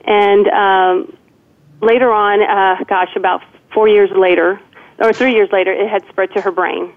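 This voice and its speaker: A woman's voice: mid-range voice, fairly even intonation, unhurried. A woman in her forties tells a personal story as a call-in guest. She is earnest and often restarts her sentences. Her voice comes through a thin, tinny phone line. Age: 40s. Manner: earnest, with frequent restarts and "you know".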